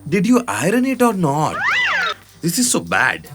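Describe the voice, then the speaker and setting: A man's voice: fairly high pitch, wildly swooping pitch, a little slow, music in the background. A man voicing a brusque, short-tempered company boss in a dubbed film, giving orders. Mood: bossy. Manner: bossy, curt.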